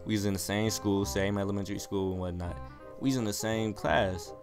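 A man's voice: on the low side, fairly even intonation, a little fast, music in the background. Slangy young man rambling a comic storytime. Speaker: gaming YouTuber. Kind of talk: casual storytime over gameplay.

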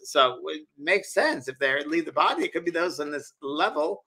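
A man hosting a live talk show, answering viewer questions and telling lively stories in a casual, animated way. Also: normal speed, slightly rough. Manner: animated storyteller, voices quoted people with pitch jumps. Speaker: psychic medium and show host.

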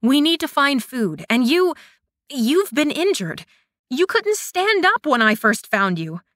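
A woman's voice: sits high, very animated, unhurried, fairly bright tone, no echo, clean studio sound, voice pushed up, heavily acted. A woman voicing a flustered, determined young female warrior who speaks with indignant insistence.

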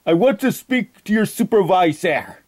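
A man playing a stubborn, fussy French immigrant on a prank call, with an exaggerated put-on French accent and deadpan repeated demands. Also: high voice, moderate pace. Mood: insistent. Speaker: prank caller.

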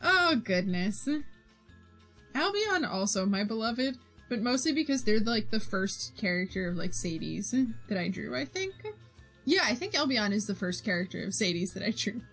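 A woman's voice: mid-range voice, sing-song, moderate pace, a bit bright, soft background music. A young woman streamer chatting casually with her viewers while she draws, giggling often and reading their messages aloud. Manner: giggly, reads chat aloud, bubbly. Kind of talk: casual chat while drawing.

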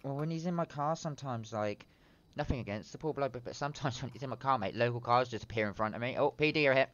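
A man's voice: medium pitch, fast talker, a bit bright, lo-fi sound. A British man streaming a crime role-play, talking casually and bluntly with lots of swearing. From Britain. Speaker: streamer playing a criminal. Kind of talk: in-character game role-play.

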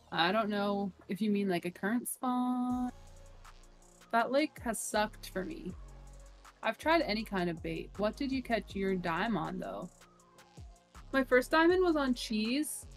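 A woman streaming a game with friends, chatting loosely, swearing freely and reading out chat messages. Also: medium pitch. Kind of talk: casual gaming stream chat.

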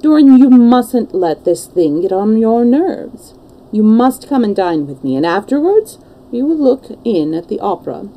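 A woman's voice: fairly high pitch, very animated, a little slow, highs cut off. A woman reading the part of a worldly, cynical English lord in a storybook, languid and matter-of-fact. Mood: breezy.

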